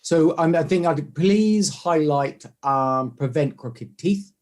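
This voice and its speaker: A man speaking with a fairly high voice, animated and conversational as he tells stories. He often slips into quick impressions of the people he describes. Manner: animated storytelling, acts out quoted voices. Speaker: guest, orthodontic clinician. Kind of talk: conversational interview.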